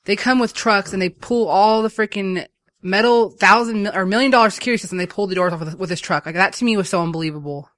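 Brief: quick, bright-toned talker, dry close sound, rambling casual movie recap. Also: mid-range voice, no echo. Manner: rambling, animated retelling full of fillers. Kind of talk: casual chat.

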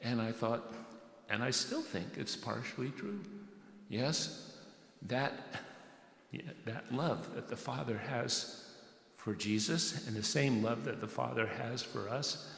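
A man's voice: medium pitch, slow, gravelly, a bit bright. A man preaching a sermon, emphatic, repeating words and dropping in "yes" and "right". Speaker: pastor. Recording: echoey hall, slightly distant.

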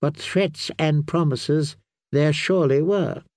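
A man voicing a very old, wise healer who speaks softly and gently. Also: fairly high pitch, dry recording, clean studio sound. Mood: sorrowful. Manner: soft, measured, gentle.

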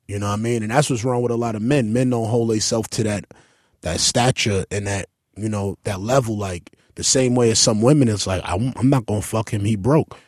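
Loud-mouthed guy cussing through stories, voice jumps way up when he gets going, dry sound. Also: brisk, dry recording. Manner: brash, profane, animated storytelling with sudden high-pitched outbursts. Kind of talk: casual chat.

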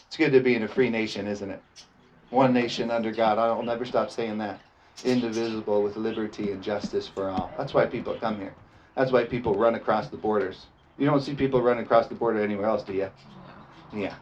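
Man preaching, asking "amen?" constantly. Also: medium pitch. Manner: repeats "amen?" as call for response, laughs often. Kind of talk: sermon. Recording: dull lo-fi sound with faint noise.

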